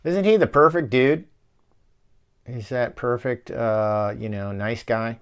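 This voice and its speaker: A man hosts a casual movie-riffing show from his office, rambling, ranting, and swearing. His mid-range voice is slow, clear, and resonant.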